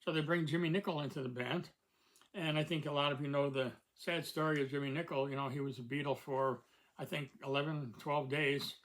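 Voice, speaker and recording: An older American man hosting a casual review talk. He rambles along with plenty of ums and restarts, his voice sitting a little high for a man. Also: fairly even intonation, brisk, a bit bright, rough recording. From United States. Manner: rambling, many fillers and restarts. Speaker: host.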